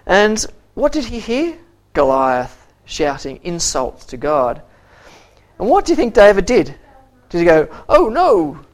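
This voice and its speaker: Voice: medium pitch, sing-song. Teacher retelling a Bible story. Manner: retells the story in quoted voices and asks the listeners questions; halting, with frequent repeated words. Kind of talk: interactive Bible story lesson.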